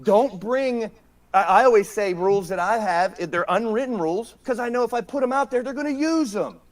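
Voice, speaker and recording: A high-voiced man, fired up and ranting on a casual podcast. He swears often and repeats his points again and again for emphasis. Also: lively intonation, a little fast. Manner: profane, emphatic, repeats himself. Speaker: podcast guest.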